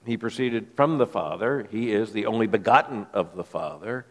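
A man's voice: on the low side, normal speed. Man preaching in a reverberant hall. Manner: emphatic, repeats words while thinking aloud. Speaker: pastor. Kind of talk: expository sermon.

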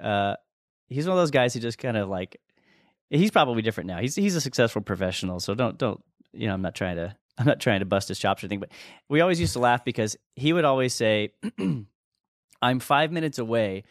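Speaking a little fast and with plenty of animation, this male podcast co-host has a mid-range voice and an earnest, meandering way of teaching, full of restarts and chuckles. It's a relaxed, chatty format. The recording is dry and studio quality.

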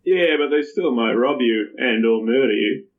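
A man's voice: mid-range voice, lively intonation, moderate pace, close to an everyday voice. A man playing a blunt menacing adventurer, easygoing bully, tabletop game, muffled lo-fi sound. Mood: scornful. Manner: blunt, menacing, laid-back. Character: rough intimidating male adventurer.

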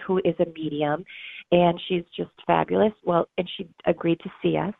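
Over a tinny, phone-like line with no room sound, a gravelly, fairly low female voice recounts an emotional story. The speaker is a middle-aged bereaved mother and author, interviewed as a guest, who speaks earnestly, mimics the voices of people she quotes, and laughs through her tears.

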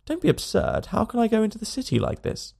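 A man's voice: high voice, huge pitch swings, quick pace, gravelly, warm tone, voice pushed up, heavily acted. A man voicing a lazy young man, protesting in a whiny, indignant tone.

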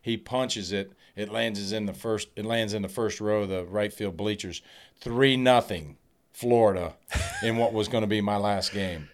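A middle-aged man, a former pitcher, telling stories in casual chat and laughing through his punchlines. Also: moderate pace. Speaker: retired baseball pitcher guest.

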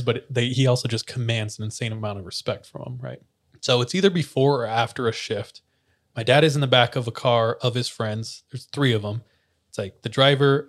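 Young man telling a story, laughing. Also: mid-range voice. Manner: laughs often, many "like" fillers. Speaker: podcast host. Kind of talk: casual storytelling.

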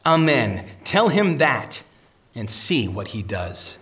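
A man voicing a calm, steadfast pilgrim. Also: mid-range voice, slow pace, far from the mic, pitched below the performer's own voice. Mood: earnest. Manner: calm, gently questioning.

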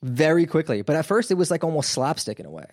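A man's voice: a little high, animated, fast, darkish tone, no echo, studio quality. A man hosting a podcast, telling a crime story in a casual, wry, conversational way with lots of fillers. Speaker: podcast host.

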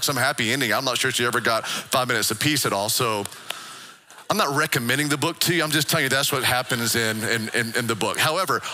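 A man preaching a sermon as pastor, earnest, repeating and restarting phrases, slowing down for emphasis. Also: mid-range voice, bright, forceful tone, in a large hall. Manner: earnest, repetitive, stammering restarts, slows for emphasis.

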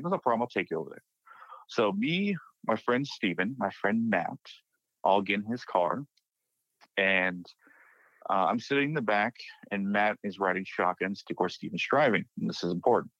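A young man from Texas, a podcast guest, casually retelling a personal paranormal experience and acting out his friends' panicked lines with lively shifts. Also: lowish voice, no room sound. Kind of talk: casual spoken storytelling. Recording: dry, dull lo-fi podcast mic.

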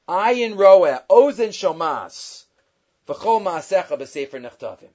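A man's voice: high voice, sing-song, takes it slowly, darkish tone, lo-fi sound. A man giving a Torah class, retelling stories and weaving Hebrew quotations into his English. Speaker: Torah teacher.

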